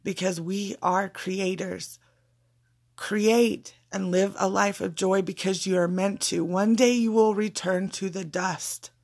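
Woman motivational speaker, gravelly, emphatic and repetitive, blunt profanity. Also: medium pitch, steady tone, slow, a little mellow. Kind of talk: casual spiritual pep talk.

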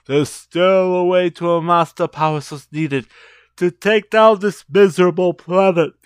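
A man voicing an angry ancient male evil spirit who commands in a booming voice. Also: measured pace, clean tone, no room sound, clean studio sound. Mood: commanding.

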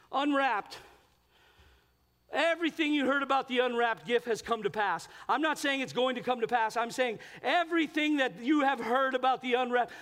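Very high-voiced animated male pastor. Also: in a large hall. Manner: animated storytelling, shifting between loud exclaims and quiet asides. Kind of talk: sermon. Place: large church sanctuary.

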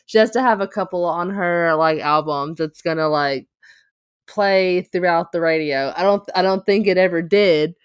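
A woman co-hosting a casual podcast, relaxed and agreeable, talking with plenty of fillers. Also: lowish voice, normal speed, clear, resonant tone, dry recording, studio quality. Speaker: podcast co-host, teacher.

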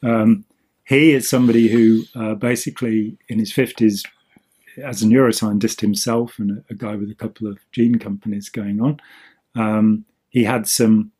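A man's voice: on the low side, level tone, moderate pace, warm tone, husky. A man co-hosting a podcast, explaining in a rambling casual chat full of ums and restarts. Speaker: podcast co-host.

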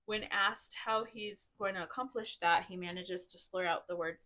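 A woman's voice: mid-range voice, normal speed, hardly any pauses, bright, forceful tone. Tipsy woman reading party stories. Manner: casual, giggly, reads stories aloud. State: tipsy, drinking wine. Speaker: podcast host. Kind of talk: reading drunken stories aloud to friends.

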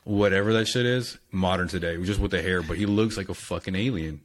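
Fast-talking, brash, low-voiced man. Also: a little hiss or hum. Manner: brash, mocking, heavy swearing. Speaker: podcast co-host. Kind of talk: casual banter.

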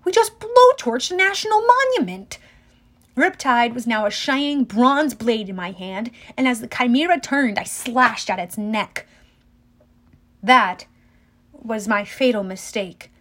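A woman reads an adventure novel aloud in the first person with lively, dramatic storytelling. Her voice sits a little high for a woman. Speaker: audiobook reader.

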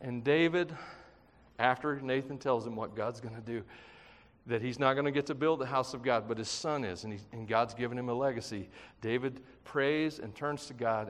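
A man preaching a sermon in an animated, conversational way, mixing jokes and acted-out quotes into his teaching. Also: medium pitch, normal speed, in a large hall. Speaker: pastor.

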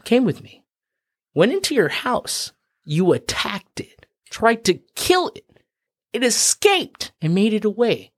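A man putting on a high sassy hare girl. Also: slightly rough, exaggerated voice. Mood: persuasive. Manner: sassy, high-pitched and drawling. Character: sassy gossiping female hare matchmaker.

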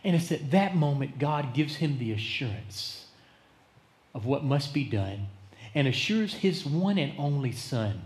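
A male pastor preaching a sermon, dramatic, swinging between loud emphasis and hushed tones. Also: mid-range voice. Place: church sanctuary. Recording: echoey church sanctuary.

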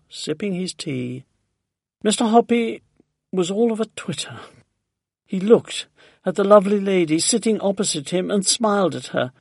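A man narrating a children's storybook in a lively, expressive way. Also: high voice, vocal fry, husky, no echo. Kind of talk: storybook reading.

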